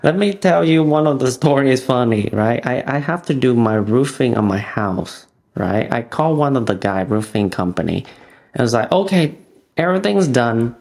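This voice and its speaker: A man's voice: medium pitch, expressive, normal speed, creaky, darkish tone. Man, broken simple phrasing, podcast host, casual chat. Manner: simple, broken English with frequent yeahs.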